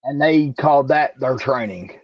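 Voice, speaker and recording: A wrestler guest from Alabama, answering in a slow, measured way and clearing his throat now and then. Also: mid-range voice, no room sound. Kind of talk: casual interview answers. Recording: dry, dull lo-fi audio.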